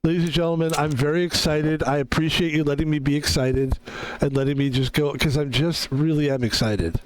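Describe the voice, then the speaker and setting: A young man streaming a video game, chatting casually in an excitable, rambling way and laughing often. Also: fairly high pitch, a little fast, a little hiss or hum, low-quality recording. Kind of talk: casual live-stream chat.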